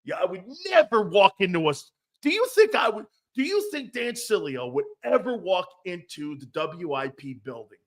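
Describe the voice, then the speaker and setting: A man's voice: high-pitched, sing-song, moderate pace, few pauses. A middle-aged man hosting a casual sports talk show, brash and profane, laughing often as he riffs and reads viewer comments.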